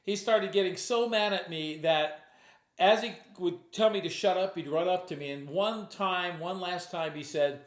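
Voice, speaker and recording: Telling a real story from his hypnosis shows, this man talks at a normal speed in a high-pitched voice that echoes with reverb. His manner is conversational, full of restarts and acted-out quotes of his own words.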